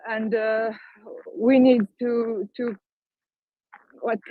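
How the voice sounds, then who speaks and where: Slow, halting woman on muffled call audio. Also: on the high side, flat delivery, no echo. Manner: halting, many fillers and restarts. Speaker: Twitter Space speaker. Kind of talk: emotional spontaneous speech. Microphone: online audio room.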